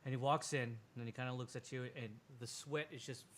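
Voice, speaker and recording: A man serving as game master, narrating a tabletop game in a rambling, animated way. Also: mid-range voice, fast talker, slight background noise. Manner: rambling, animated storytelling with filler "and he just goes".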